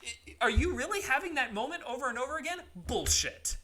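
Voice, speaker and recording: Bright-voiced man ranting on a podcast. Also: extremely high pitch, sing-song, a little fast. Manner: emphatic, ranting, repeats words. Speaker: podcast co-host. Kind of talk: casual podcast chat.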